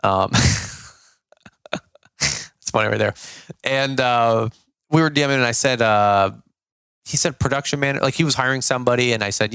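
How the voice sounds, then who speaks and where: A man's voice: medium pitch, lively intonation, fairly quick, sharp tone, dry recording, studio quality. Blunt, slangy man talking shop. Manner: blunt, slangy, rambling with fillers. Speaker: podcast host, lawn care business owner. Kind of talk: casual business talk.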